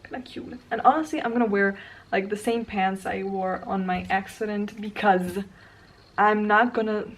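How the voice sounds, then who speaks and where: A young woman, not a native English speaker, chatting casually in a storytime vlog, rambling and sometimes dropping to a soft whisper. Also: medium pitch, fairly even intonation, normal speed. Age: young adult. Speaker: vlogger.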